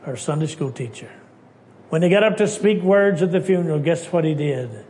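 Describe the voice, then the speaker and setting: Emphatic preacher man, fairly high voice. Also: lively intonation, normal speed. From Texas. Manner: emphatic storytelling, swinging from hushed to loud. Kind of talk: sermon.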